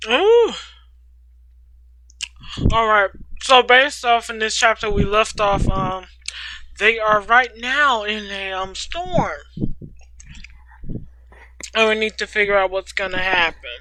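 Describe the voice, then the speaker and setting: Slow, bright-voiced storytime reader. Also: mid-range voice, slight background noise, rough recording. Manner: playful, slangy, laughs and comments on the story. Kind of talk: reading a fan story aloud with chatty asides.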